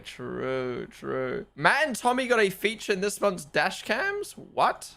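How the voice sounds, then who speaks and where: A young man reacting live on stream, talking in an excitable, casual way and repeating his exclamations. His voice sits a little high, with a gravelly fry under a bright, tense edge. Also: unhurried, few pauses. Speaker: streamer watching a race broadcast.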